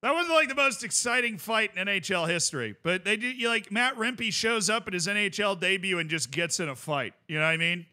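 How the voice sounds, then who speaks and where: A man's voice: sits high, expressive, a little fast, few pauses, sharp tone. A male streamer chatting casually while reacting to clips, enthusiastic and rambling, full of fillers.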